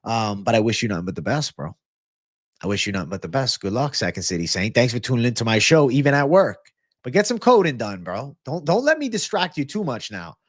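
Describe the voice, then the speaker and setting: Young guy chatting on a live stream, says bro a lot, dry close sound, average pitch. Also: very animated, brisk, no echo. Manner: casual, swears, thanks viewers, calls them bro. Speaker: livestream host. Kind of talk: casual live-stream chat reading chat.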